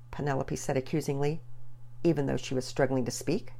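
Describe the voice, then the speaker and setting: Low-voiced woman reading a storybook. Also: steady tone, fairly quick, creaky, mellow. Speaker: narrator.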